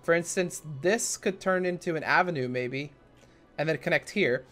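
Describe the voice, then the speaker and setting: A man's voice: fairly high pitch, moderate pace, a bit bright. A young man hosting a casual let's play, talking in a chatty, rambling way and often correcting himself. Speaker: gaming channel host.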